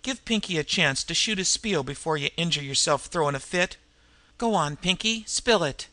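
A man's voice: a little high, animated, normal speed, pushed and bright, no room sound. A man voicing a disfigured male thug with a whispering, sibilant voice in a storybook reading. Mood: scornful.

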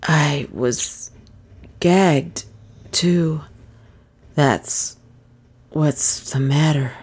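Dazed, feeble man in a halting whisper, low and mellow; a woman reads him. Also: slightly rough, exaggerated voice. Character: dazed injured man, weak and vague.

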